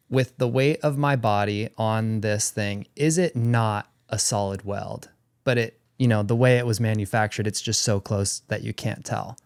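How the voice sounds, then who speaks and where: A man telling a personal faith story in a slow, reflective, sincere way. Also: on the low side, darkish tone, smooth, no echo, clean studio sound. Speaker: podcast guest.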